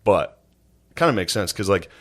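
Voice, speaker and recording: A very low-pitched man chatting on a comedy podcast. He tells stories in an easygoing way, slips into quoted voices and laughs a lot. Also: sing-song, brisk, a bit bright. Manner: laid-back storytelling, acts out quotes, laughs often. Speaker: podcast co-host. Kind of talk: casual comedy podcast chat.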